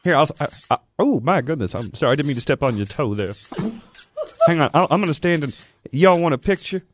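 A man's voice: fairly high pitch, expressive, quick pace, background noise, pitched above the performer's own voice, natural voice. A man doing an impression of a bubbly, folksy country singer who giggles and gushes over everyone. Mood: giggly gushing. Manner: giggly, gushing, sweet-natured. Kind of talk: radio comedy bit.

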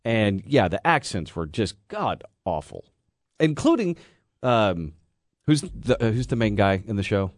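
A man's voice: on the low side, very animated, measured pace, dry recording, clean studio sound. A man from Georgia co-hosting a radio talk show, agreeable and explaining his points. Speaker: radio co-host. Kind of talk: casual radio chat.

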